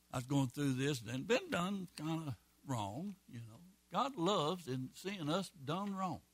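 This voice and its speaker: A man's voice: sits high, fairly bright tone, dry recording. Emphatic folksy preacher man. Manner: folksy, emphatic, repetitive preaching with quick asides. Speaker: pastor. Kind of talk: sermon.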